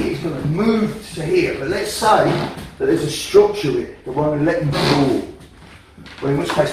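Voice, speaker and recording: A man's voice: a little high, unhurried, heavy background noise. Man, combat instructor, blunt and profane, emphatic coaching, distant mic, echoey training hall. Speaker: self-defense instructor. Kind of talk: teaching a combatives class.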